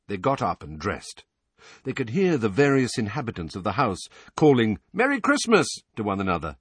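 A man narrating a fantasy audiobook in a low, husky voice. His reading rises and falls expressively, close to the mic in a dry space. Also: sing-song, fairly quick, dry recording.

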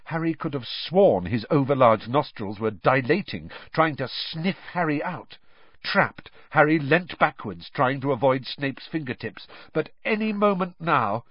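Male audiobook narrator, animated and dramatic, dry slightly dull audio. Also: mid-range voice, a little slow, slightly rough, no echo.

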